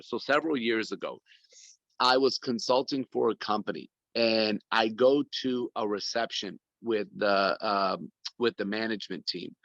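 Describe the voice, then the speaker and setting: A man's voice: mid-range voice, pushed and bright, no echo, muffled recording. A man speaking on a video call from his phone at an office, rambling and effusive with many restarts. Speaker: guest speaker. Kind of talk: casual video call talk. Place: corporate office.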